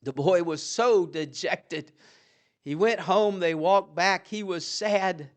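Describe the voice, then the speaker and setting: Brief: folksy narrator for an uplifting moral story, middle pitch, plain and homely. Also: slow pace. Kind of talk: inspirational storytelling.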